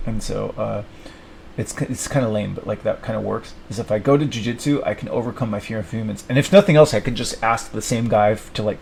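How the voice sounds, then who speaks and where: A man's voice: fairly low pitch, fast talker, vocal fry, a little mellow, a little hiss or hum, rough recording. A young man thinking aloud at his desk, rambling and self-mocking as he plans his week. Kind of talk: rambling solo self-talk.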